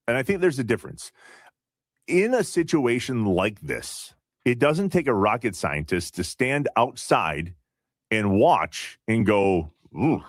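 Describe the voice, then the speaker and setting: A man co-hosting a sports radio show in casual talk, measured and questioning as he argues his point. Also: mid-range voice, sing-song, no echo, studio quality.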